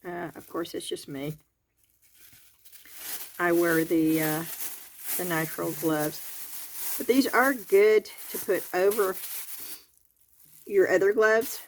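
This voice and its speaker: Southern lady talking slow and chatty, showing off a resin kit, counting stuff out loud. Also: lowish voice, a little hiss or hum. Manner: chatty, homespun, counts items aloud. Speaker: crafting video host. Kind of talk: real-time product review and tutorial. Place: home garage.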